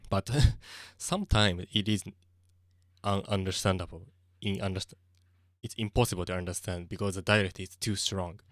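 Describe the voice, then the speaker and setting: A young Japanese man with a low voice chats casually on a live stream at normal speed, recorded dry with clean studio sound. He speaks English with a Japanese accent, hesitating and searching for words, sometimes slipping into Japanese.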